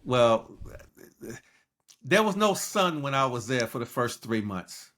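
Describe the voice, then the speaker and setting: A man's voice: medium pitch, takes it slowly. Man in his sixties telling stories. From Los Angeles, United States. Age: 60s. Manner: animated storyteller, acts out quoted lines. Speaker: guest. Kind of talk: storytelling interview.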